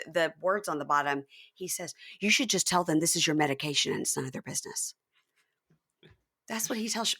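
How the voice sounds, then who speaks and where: A woman hosting a podcast, recapping a reality show in casual chat and acting out quotes with big jumps in her voice. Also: gravelly. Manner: animated, acts out quotes with big pitch jumps. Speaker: podcast host.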